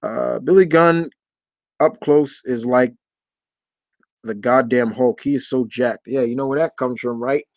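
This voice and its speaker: A man chats loosely through a live stream question session, circling back and restarting his sentences. His voice sits at a middling pitch, and the sound is dry and close with no room around it. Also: steady tone, unhurried, a little mellow, no echo. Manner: rambling, chatty, frequent fillers and restarts. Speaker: host of a live Q&A. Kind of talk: casual live-stream chat.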